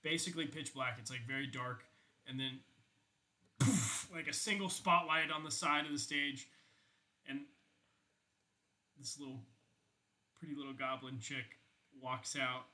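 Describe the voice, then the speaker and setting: A man's voice: medium pitch, a little slow, long pauses, bright, forceful tone, rough recording. A young man casually narrating a tabletop game as game master, rambling with lots of fillers and swearing.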